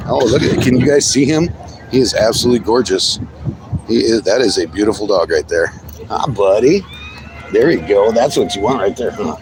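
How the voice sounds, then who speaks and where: A man's voice: fairly low pitch, lively intonation, brisk. A man casually chatting through a walking livestream at an outdoor street protest, friendly and amused, talking to strangers. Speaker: live streamer. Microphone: handheld phone. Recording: noisy street ambience and traffic.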